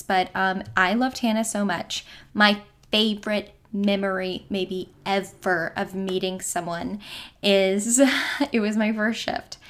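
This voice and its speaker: A young woman hosting a podcast from home, chatting casually and rambling with lots of fillers. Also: mid-range voice. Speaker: podcast host. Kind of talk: casual chat.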